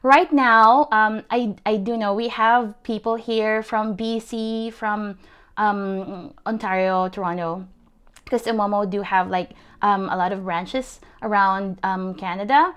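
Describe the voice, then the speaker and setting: A young woman teaching an online calligraphy workshop from her desk, chatty and encouraging, laughing often and filling pauses with ums. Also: medium pitch, steady tone, a bit bright, clean tone. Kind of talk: casual online workshop demonstration.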